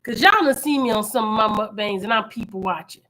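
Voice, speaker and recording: A middle-aged woman, hosting a casual live-stream chat with her viewers in a loud, animated, chatty way. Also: mid-range voice, a little fast. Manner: chatty, loud and animated, with frequent laughs and repeated phrases. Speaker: channel host.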